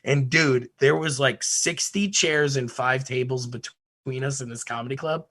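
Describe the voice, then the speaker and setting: A man's voice: medium pitch, moderate pace. Profane storytelling man from Connecticut. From Connecticut, USA. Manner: profane, animated, laughs through his story. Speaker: podcast host. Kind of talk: casual storytelling.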